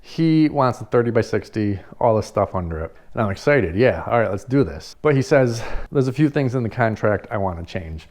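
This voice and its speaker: A man who runs a party rental business, telling a story casually in an animated way, swearing freely and laughing now and then. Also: mid-range voice, fairly quick, hardly any pauses.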